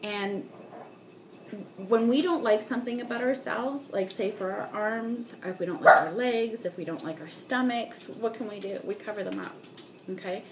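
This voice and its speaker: Animated woman coaching sales with okay tags. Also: mid-range voice, moderate pace, background noise. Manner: animated, acts out customers' lines, tags sentences with okay. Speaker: beauty consultant trainer. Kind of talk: sales training talk.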